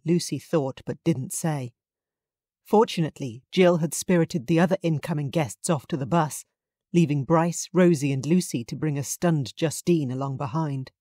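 A woman reading romance narration in a calm, even storytelling manner. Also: deep voice, dry recording, clean studio sound. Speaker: audiobook narrator. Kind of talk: scripted narration.

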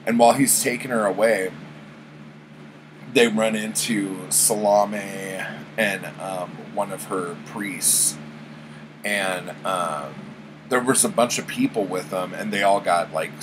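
A book vlogger gives a casual spoken recap of a book, rambling loosely, swearing often and leaning on fillers. He has a fairly low voice, a slow, unhurried pace and fairly even intonation. Background noise includes an air conditioner humming steadily in the room.

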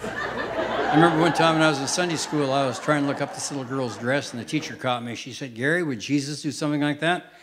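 An older man doing stand-up on stage, telling quick deadpan one-liners to a live audience. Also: medium pitch, background noise. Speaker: stand-up comedian. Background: audience laughter.

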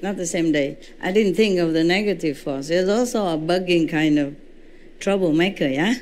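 A woman spiritual teacher giving a lecture in non-native English, telling stories with lively reenactments and often checking in with "you know" and "okay?". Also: fairly low pitch, moderate pace, slight background noise. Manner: animated storytelling, reenacting her own shouts. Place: indoor lecture at a retreat. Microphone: microphone.

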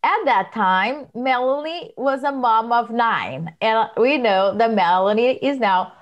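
A woman's voice: on the high side, lively intonation, unhurried, highs cut off. Upbeat woman podcast co-host. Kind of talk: casual podcast chat.

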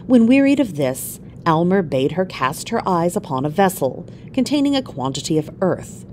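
A woman narrating a classic story aloud in an expressive, measured reading. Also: fairly low pitch, a little hiss or hum. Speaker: reader.

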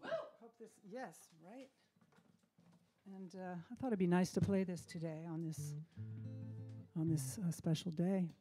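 Mellow-voiced woman chatting between songs. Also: on the low side, unhurried, pauses often, faint music behind. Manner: relaxed, chatty, many ums and restarts. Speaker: singer-songwriter hosting a live stream. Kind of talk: casual chat between songs. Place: home by the fireside.

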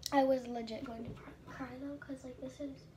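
Casual beauty vlogger, female, high voice, chatty and easily flustered, slips into whispers; loud clicking noise behind. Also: steady tone, brisk. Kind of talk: casual vlog chat while doing makeup.

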